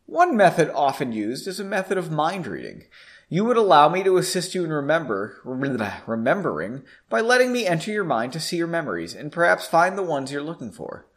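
Man reading polite, persuasive old mage; formal, coaxing, lively pitch. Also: fairly quick. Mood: courteous. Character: courteous older male mage, smooth and persuasive.

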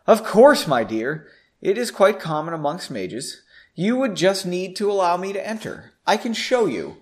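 Man reading polite, persuasive old mage; formal, coaxing, lively pitch. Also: a little slow. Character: courteous older male mage, smooth and persuasive.

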